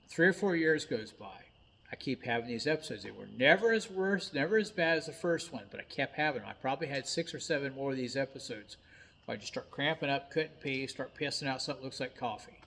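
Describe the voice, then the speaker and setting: A man's voice: medium pitch, gravelly, a bit bright. A man of about fifty, a truck driver, telling a personal story in a blunt, folksy way with some mild cursing.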